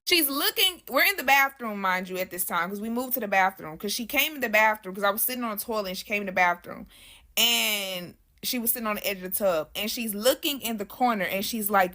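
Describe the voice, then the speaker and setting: A woman's voice: medium pitch, normal speed, pushed and bright. A young adult woman telling a spooky story in a casual, slangy way, talking straight to her viewers.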